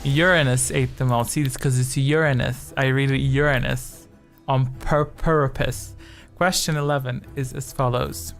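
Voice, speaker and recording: A man's voice: medium pitch, fairly even intonation, measured pace, gravelly, faint music behind. A man hosting a live-stream quiz game, rambling chattily between questions with jokey asides. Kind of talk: casual live-stream chat.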